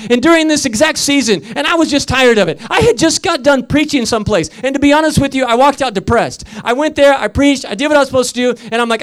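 A man's voice: very high-pitched, fast, few pauses, a bit bright, smooth. A middle-aged man preaching a fervent sermon as pastor, telling stories between declarations.

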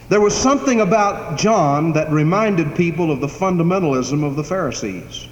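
A man preaching a sermon, building emphatic repeated phrases in a preacher's cadence. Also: high-pitched. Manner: preacherly, repetitive cadence, rising to emphatic declarations. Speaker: pastor. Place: church sanctuary. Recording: echoey hall, faint background hiss.

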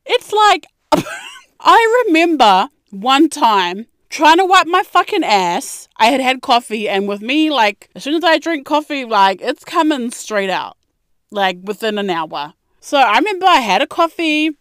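A young woman, ranting and telling stories in a brash, profane way, with sudden high-pitched outbursts. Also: big pitch swings, measured pace, fairly bright tone, smooth, no echo, studio quality. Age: young adult. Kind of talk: profane storytelling rant to camera.

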